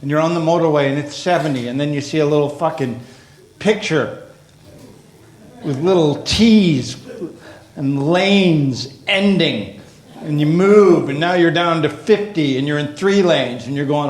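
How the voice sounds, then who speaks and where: A man doing a stand-up comedy routine on stage, ranting with heavy profanity and rising to shouted exasperation. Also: a little high, moderate pace. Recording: echoey live club with crowd. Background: audience laughter.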